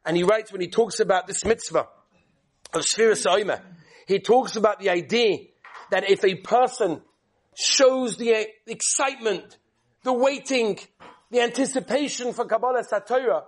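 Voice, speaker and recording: A man giving a storytelling talk to yeshiva students, acting out each character with lively shifts. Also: high-pitched, moderate pace. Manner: animated storyteller who acts out each character.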